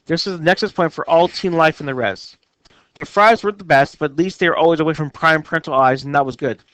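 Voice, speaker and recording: A male teacher reading a novel aloud to his class in steady narration with small slips. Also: a little high, quick pace, no echo.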